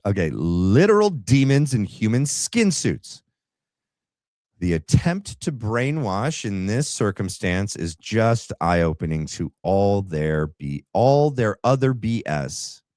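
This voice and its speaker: A man's voice: low-pitched, animated, slow, darkish tone, dry recording, studio quality. A man hosting a political commentary livestream, talking to his chat with rambling asides. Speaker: livestream host.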